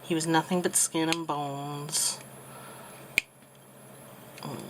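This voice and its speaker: A woman in her thirties telling a personal story while crafting, soft and halting with many pauses, becoming tearful. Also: sits low, steady tone, noisy background. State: tearful, getting emotional. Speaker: crafting channel host.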